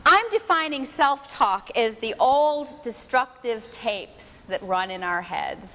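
A woman's voice: on the high side, animated, slow, a little hiss or hum. A woman giving a spoken talk, telling an anecdote in a conversational way with casual fillers. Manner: conversational storyteller, uses "you know". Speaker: session speaker. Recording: dull lo-fi recording with long hall reverb.

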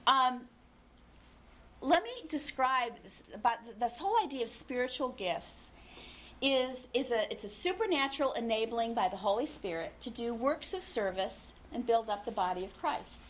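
A woman's voice: fairly high pitch, lively intonation, normal speed, slight background noise. A woman preaching a sermon in a conversational, humorous way, acting out little quotes as she teaches.

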